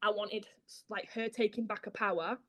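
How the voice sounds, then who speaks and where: A woman, an author being interviewed, who tells stories in a lively way, acts out her own dialogue and swears casually. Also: medium pitch, moderate pace, no echo. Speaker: author guest. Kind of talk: casual chat.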